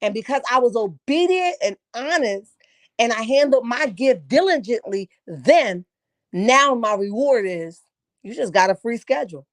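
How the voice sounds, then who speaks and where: Woman w/ aave ranting about a reality show, blunt and preachy, kinda high voice. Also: animated, unhurried, no room sound. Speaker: reality TV commentator. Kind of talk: casual commentary vlog.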